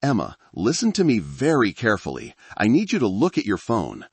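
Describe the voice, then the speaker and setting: Man as desperate middle-aged father, urgent, insistent, husky, dry close sound. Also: fairly low pitch, wildly swooping pitch, brisk, darkish tone, dry recording, full character voice.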